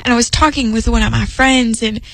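A woman's voice: on the high side, steady tone, fairly quick, vocal fry, dry recording, poor audio. A young woman speaking earnestly about faith in a personal devotional talk, emphatic and rambling with restarts. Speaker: Christian speaker.

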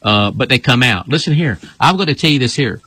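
A male pastor with a bright, forceful voice that has a husky edge. He explains things in an emphatic, repetitive way, and the sound is close and dry. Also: medium pitch, lively intonation, fairly quick, no echo, rough recording. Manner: emphatic, repeats "this here". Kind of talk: casual teaching talk.

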